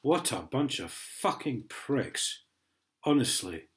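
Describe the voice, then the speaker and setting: A man's voice: mid-range voice, big pitch swings, slow pace, heavy background noise. An Englishman in an angry vlog rant, swearing heavily and mocking a letter he reads aloud. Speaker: vlogger.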